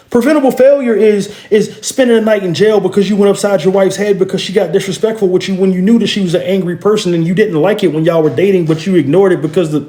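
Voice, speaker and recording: A man delivers a motivational talk with a preacher's insistence, speaking straight to his listeners. His voice sits fairly high for a man. He hammers phrases again and again, tripping into stammered restarts, and the room around him rings with echo. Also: warm tone. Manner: addresses listeners directly and bluntly.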